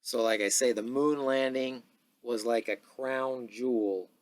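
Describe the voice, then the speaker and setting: A man in his sixties hosting a podcast in a casual, rambling monologue full of filler pauses. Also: medium pitch, steady tone, dry recording. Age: 60s. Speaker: podcast host.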